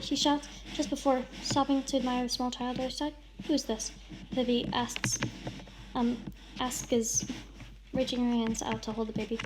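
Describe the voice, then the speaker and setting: Woman, high voice, over-the-top dramatic reading, casual asides, noisy recording. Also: steady tone, a little fast. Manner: over-the-top dramatic reading, shouts and sobs in the big lines. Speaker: vlogger reading a friend's writing. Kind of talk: melodramatic read-aloud with casual commentary.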